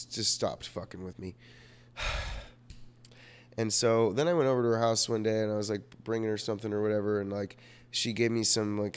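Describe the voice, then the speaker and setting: A young vlogger, sick, tells a rambling personal story full of fillers, swearing and poking fun at himself. His voice sits fairly low and sounds clean.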